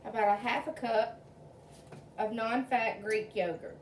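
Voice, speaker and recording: A woman's voice: fairly high pitch, unhurried, a little hiss or hum. A woman hosting her own cooking channel, talking viewers through a recipe in a chatty, homey way with plenty of fillers, recorded in her home kitchen. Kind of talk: casual cooking demonstration. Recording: roomy, distant sound.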